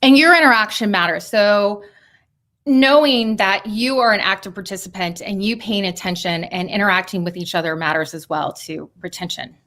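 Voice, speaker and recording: A woman giving a lively workshop talk over a video call, coaching and laughing often. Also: mid-range voice, moderate pace. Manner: talks of thousands of hours on video calls. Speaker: speaker on persuasion.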